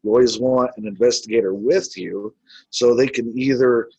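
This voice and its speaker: A man's voice: medium pitch, steady tone, moderate pace, darkish tone, slightly rough, no echo, rough recording. A man who investigates the paranormal, telling his stories in a casual, rambling way with many filler words. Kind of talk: casual storytelling.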